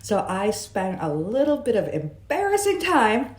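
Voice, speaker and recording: A woman's voice: mid-range voice, big pitch swings, unhurried, hardly any pauses, darkish tone. A woman vlogging in a chatty, musing way, with jokey asides, talking from her room. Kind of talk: casual vlog monologue. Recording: roomy echo.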